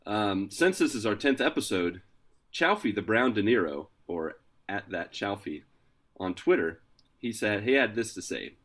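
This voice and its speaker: A man hosting a casual podcast, introducing his co-hosts with energetic, playful hype. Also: lowish voice, moderate pace. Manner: energetic, hyped, playful announcer delivery. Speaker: podcast host.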